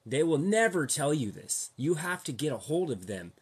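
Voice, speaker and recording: A man's voice: fairly high pitch, big pitch swings, normal speed, husky. A young man ranting casually to his viewers, full of slang and rhetorical questions. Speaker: vlogger.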